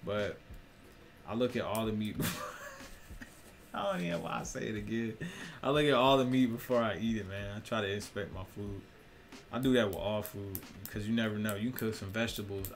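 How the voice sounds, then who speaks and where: A man's voice: fairly low pitch, steady tone, a little fast. A young man, a musician, rambling in a casual monologue, full of cursing, slang and laughter. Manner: profane, laughing, slangy storytelling.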